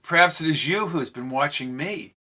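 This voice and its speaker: Reading an audiobook, a man voices a mysterious young woman from the future who speaks with a perky, proper, almost British accent and a guarded manner. His voice runs on the high side, pushed and bright, and a little fast.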